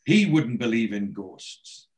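A man's voice: mid-range voice, sing-song, slow pace. A man voicing a cheeky, boastful male builder. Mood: teasing.

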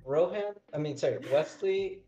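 A young man co-hosting a casual podcast, speaking sheepishly and trailing off into quiet mumbles. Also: sits high, normal speed, lo-fi sound, over loud music. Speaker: podcast co-host. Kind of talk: casual chat.

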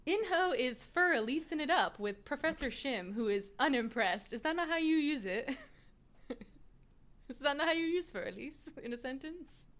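A woman talking in a casual recap chat, in a fairly high voice with a lively swing to it. She is chatty and animated, and breaks into laughs between points. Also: normal speed. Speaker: podcast co-host.

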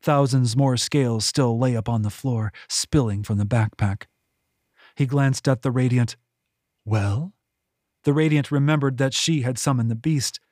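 A man narrating his own fantasy novel as an audiobook, measured and unhurried, on a close mic. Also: mid-range voice, fairly even intonation, darkish tone, no room sound. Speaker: author and narrator.

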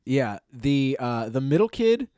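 Dude on a movie podcast, blunt, swears, dry close mic. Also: male voice, medium pitch, big pitch swings, unhurried, warm tone, no echo. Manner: blunt, swears, hesitant restarts. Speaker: podcast co-host. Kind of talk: casual movie review chat.

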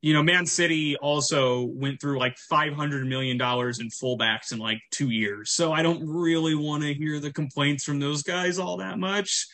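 A man's voice: a little high, normal speed, hardly any pauses, pushed and bright. A man hosting a podcast, giving opinions on football and steering the talk. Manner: opinionated, wraps up segments. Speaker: podcast host. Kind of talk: casual sports chat.

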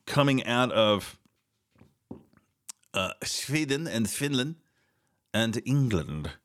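A man's voice: mid-range voice, a bit bright. Sarcastic man hosting a talk show. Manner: sarcastic, mocking asides, repeats words. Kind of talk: opinionated solo talk show commentary.

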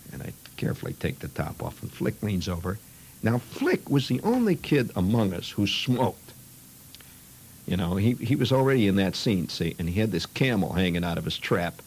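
A man's voice: lowish voice, big pitch swings, normal speed, a little mellow, slight background noise, rough recording. A man telling a childhood story in a rambling, conversational way, peppered with "you know" and "see".

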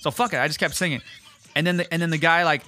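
A young man hosting a podcast, telling crude, animated stories in casual chat, swearing freely and acting out other people's voices. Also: fairly high pitch, racing, soft background music. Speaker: podcast host.

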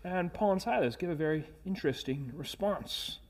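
High-voiced man preaching earnestly. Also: animated, normal speed, darkish tone. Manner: earnest, emphatic preaching with rhetorical questions and word repeats. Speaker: pastor. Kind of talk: sermon.

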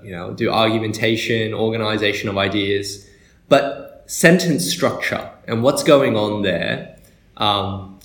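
A man co-hosting a podcast in casual chat, talkative and quick to laugh, getting animated when retelling a story. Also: on the low side. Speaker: podcast co-host. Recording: echoey room.

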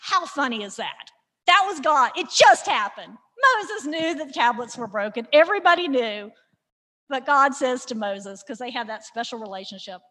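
High-voiced woman teaching with sarcastic humor. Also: moderate pace. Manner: lively, sarcastic, acts out characters. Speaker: Bible teacher. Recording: reverberant hall.

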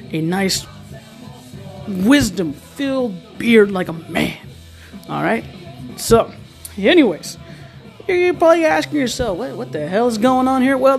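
A man hosting a podcast, giving a fast, joking, hyped-up pep talk. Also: extremely high pitch, vocal fry, a little mellow. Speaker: podcast host. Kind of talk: casual pep-talk monologue.

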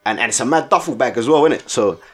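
Chatting and telling stories as a podcast co-host, this young man talks fast in a medium-pitched, animated, somewhat bright voice. He's heavy on slang, ends lines with "innit," and laughs a lot, with faint music in the background.

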